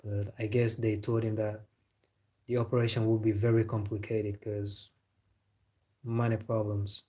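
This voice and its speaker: A man's voice: on the low side, level tone, a little slow, mellow. A man hosting a live football reaction stream, chatting casually and answering viewers with strong opinions. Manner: opinionated, replying to chat.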